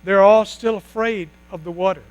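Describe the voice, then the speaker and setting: A man with a high voice preaches a sermon. He tells the story with slow, dramatic pauses and drops to a near hush at key moments. A steady mains hum sits under his voice. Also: rough recording. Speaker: pastor.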